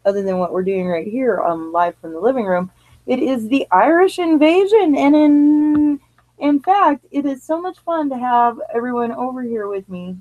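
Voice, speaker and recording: A woman's voice: a little high, normal speed, a little mellow, dry recording, highs cut off. A woman hosting a live radio show from her living room, talking in a rambling, chatty way and laughing at herself as she goes. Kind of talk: casual live radio chat.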